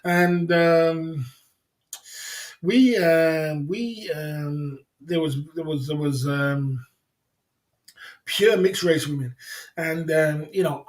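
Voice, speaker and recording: A man's voice: on the high side, slow. Rambling man telling a story. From England. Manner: rambling, repeats himself, slangy, laughs often. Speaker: livestream host. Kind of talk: casual storytelling on a livestream.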